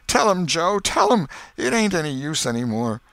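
A frightened rustic villager, voiced by a man in an audiobook, pitched well above the reader's own low voice and shaking as he sobs and pleads. His country speech breaks into desperate begging. The sound is close and dry. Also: sing-song, moderate pace, a bit bright, dry recording. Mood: sobbing, pleading.

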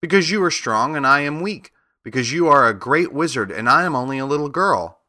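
Man putting on a high little girl voice, meek, pleading, tearful, bright tone. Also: lively intonation, fairly quick. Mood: earnest pleading. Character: small meek earnest young girl.

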